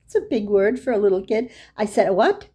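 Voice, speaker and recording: Older woman telling stories, mellow and husky. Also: medium pitch, fairly even intonation, fairly quick. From Boston area, USA. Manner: anecdotal, acts out dialogue with her own voice. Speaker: Islamic lecturer. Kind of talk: storytelling lecture.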